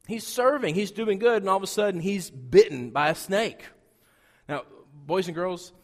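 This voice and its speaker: Male pastor from Wyoming, lively storytelling sermon, somewhat high voice, reverberant church hall. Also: moderate pace. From Wyoming, USA. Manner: animated, conversational, swings between loud and hushed.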